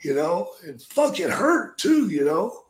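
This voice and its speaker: Older man, gruff, profane storyteller, slightly high voice, roomy echo. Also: very animated, unhurried. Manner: gruff, swears constantly, acts out quotes loudly. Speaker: podcast guest, storyteller. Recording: echoey room.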